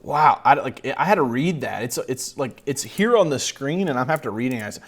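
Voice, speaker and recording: A middle-aged sales coach in casual reaction commentary. He talks bluntly and mockingly, swears freely and laughs often. His voice sits at an everyday middle pitch. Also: lively intonation, a little fast, few pauses.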